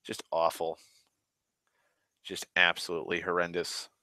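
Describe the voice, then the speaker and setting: A man's voice: low voice, monotone, measured pace, sharp tone, no echo. A man rambling in a casual, profane monologue, ranting and complaining at length. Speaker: vlogger.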